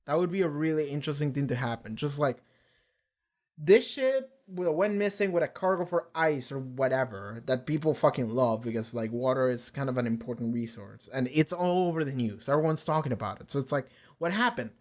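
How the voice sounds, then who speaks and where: A man's voice: mid-range voice, animated, normal speed, darkish tone. A young man hosting a casual reaction video, rambling through an episode with lots of fillers and swearing. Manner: loose and rambling, swears a lot, many fillers.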